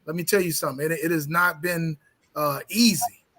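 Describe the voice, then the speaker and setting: A man's voice: a little high, brisk, bright, forceful tone. A man in his fifties, a pastor, talking earnestly and emphatically in a casual interview.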